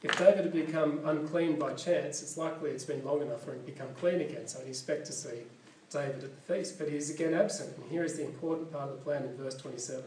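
A man's voice: fairly high pitch, fast talker, a little mellow, far from the mic, a little hiss or hum. A man preaching a sermon, reading scripture aloud and explaining it in a conversational way, often correcting himself mid-sentence. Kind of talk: sermon with Bible reading and commentary. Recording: echoey room, voice from off-mic.

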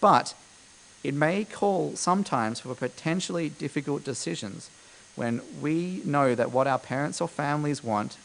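A man's voice: a little high, normal speed, gravelly, slight background noise, rough recording. A man preaching a sermon to a congregation, explaining scripture in a conversational way with frequent fillers.

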